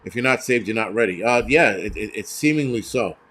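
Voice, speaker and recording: A man's voice: on the low side, lively intonation, fairly quick, fairly bright tone. A man hosting a live stream, ranting bluntly and profanely with many fillers while answering viewers in the chat. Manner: reads out viewer donations and chat. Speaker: livestream host.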